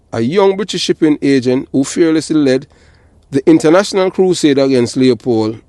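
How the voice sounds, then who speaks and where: A man's voice: medium pitch, mellow. Jamaican guy chatting about history, drifts into patois, reads bits out, dry room no echo. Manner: slips into patois and often asks "you understand?". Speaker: host commenting on history. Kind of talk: casual commentary mixed with reading aloud.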